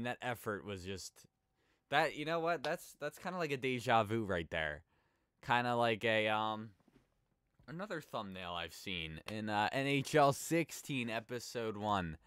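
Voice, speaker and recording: A man's voice: mid-range voice, a bit bright, clean tone, no room sound, studio quality. A man giving casual, rambling commentary while playing a hockey video game, reacting to each save. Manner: chatty, rambling, reacts to plays. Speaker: let's play host.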